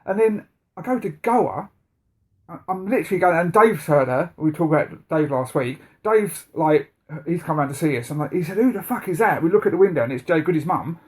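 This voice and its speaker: A podcast co-host tells long, rambling stories, swearing freely as he goes. His voice sits a little above the usual male pitch, and the talk is loose and casual. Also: brisk. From England. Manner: swears a lot, rambling storytelling. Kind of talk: casual chat.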